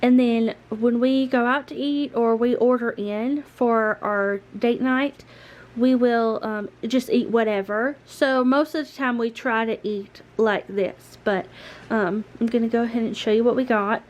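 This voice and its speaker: Lady vlogging from home, talks real slow, kinda high voice, lots of ums. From North Carolina, US. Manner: relaxed and chatty, with frequent ums and light laughs. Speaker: homemaking vlogger. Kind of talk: casual chat to viewers. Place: inside her home.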